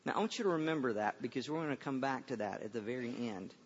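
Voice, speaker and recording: A man's voice: mid-range voice, animated, fast, slightly rough, big-room sound, dull audio. A man preaching a sermon to a room of listeners, telling a story conversationally with many stammers and restarts.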